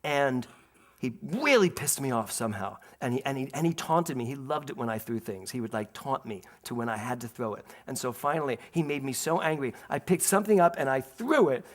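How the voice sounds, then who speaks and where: Speaking in a mid-range voice, a middle-aged minister from Philadelphia, USA, mixes his sermon with personal stories told energetically and with laughter. When the talk shifts to spiritual teaching, his phrasing becomes slower, softer, and calm.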